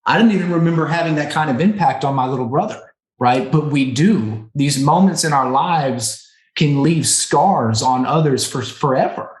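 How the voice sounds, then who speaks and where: The speaker is a man in his thirties, a recovery center co-owner appearing as a podcast guest, earnestly and emotionally telling a personal story. His pitch is fairly high and his speed normal, and he often asks "right?" or "okay?". There is a roomy echo on the recording.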